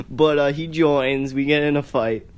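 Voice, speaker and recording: A teenage boy co-hosting a casual podcast, telling stories in a relaxed way and laughing often. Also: a little high, clean tone. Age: teens. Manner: relaxed storytelling, laughs a lot. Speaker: podcast co-host. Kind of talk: casual chat.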